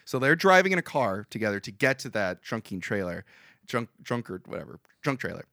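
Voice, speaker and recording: Animated young man recapping a film. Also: on the low side, a little fast, no room sound, studio quality. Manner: rambling, animated, laughs often. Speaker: podcast co-host recapping a movie. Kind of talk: casual chat.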